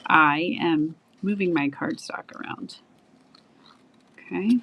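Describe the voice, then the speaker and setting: In a relaxed crafting tutorial, a card-making demonstrator talks eagerly while her hands assemble a greeting card for viewers. She has a medium-pitched voice and a measured pace, and the audio sounds muffled.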